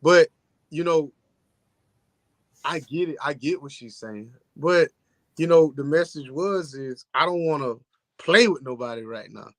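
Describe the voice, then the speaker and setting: A man co-hosting a casual chat show, tired and talking in a low-key monotone. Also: measured pace, pauses often, no echo. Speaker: podcast co-host.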